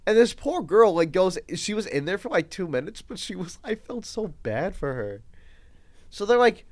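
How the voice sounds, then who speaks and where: A man's voice: high-pitched, normal speed. A young man co-hosting a podcast, telling a story in casual chat, laughing often and acting out the people he quotes. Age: young adult. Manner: animated, laughs often, acts out quoted voices. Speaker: podcast co-host.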